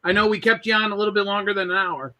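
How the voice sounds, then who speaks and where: A man's voice: high-pitched, fairly even intonation, racing, bright, forceful tone. A man hosting a casual talk show, telling a rambling home-repair story and acting out the other people's voices. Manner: rambling anecdotes, acts out quoted voices. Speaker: podcast host.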